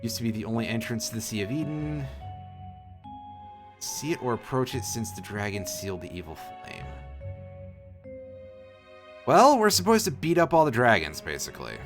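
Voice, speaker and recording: A man streaming a role-playing game, half reading the on-screen text under his breath and cracking jokes with the occasional swear. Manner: reads game text aloud in a low mutter, jokes and swears. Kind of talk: casual let's-play commentary.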